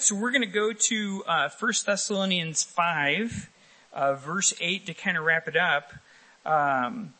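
A man's voice: a little high, slightly rough, rough recording. A male pastor preaching a sermon in a church, talking with the congregation and asking for raised hands. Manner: lively, talks with the congregation and asks for raised hands.

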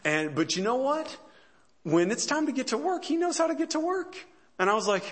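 A man's voice: sits high, big pitch swings, moderate pace. A man in his forties, a pastor preaching a sermon in a conversational, storytelling way, with self-deprecating humor and easy chuckles. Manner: frequent fillers and restarts, chuckles between lines.

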